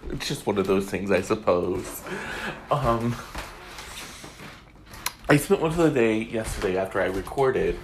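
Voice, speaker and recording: Slow, chatty male gossip host. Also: fairly low pitch, lively intonation, slight background noise. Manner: chatty, laughing, lots of ums. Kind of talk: casual celebrity gossip chat. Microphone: studio mic.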